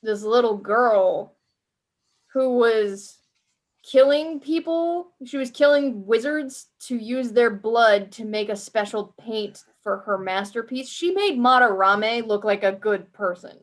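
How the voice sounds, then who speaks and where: A woman's voice: a little high, lively intonation, takes it slowly. Chatty woman gamer, casual and profane. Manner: chatty, swears freely, acts out her reactions. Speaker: podcast co-host. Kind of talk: casual gaming chat.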